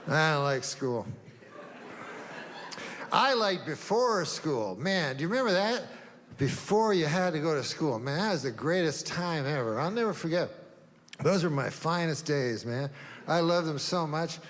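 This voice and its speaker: An older man doing a deadpan stand-up set, rambling through long setups with drawn-out pauses and sudden asides. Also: a little high, big-room sound. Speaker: stand-up comedian.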